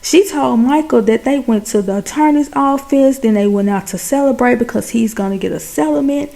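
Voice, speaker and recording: A woman giving a chatty, animated recap of a TV drama, talking straight to her viewers. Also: a little high, fairly quick, creaky. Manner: chatty, addresses viewers as y'all and baby; animated, exclaims over plot twists. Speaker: TV show recapper.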